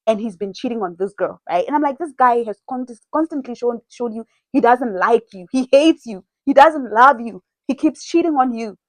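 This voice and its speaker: Young woman, casual storytime vlogger, higher voice, blunt and animated, dry close sound. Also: moderate pace, hardly any pauses, no room sound, rough recording. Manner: animated, quotes people in dialogue, frequent "like" and swearing.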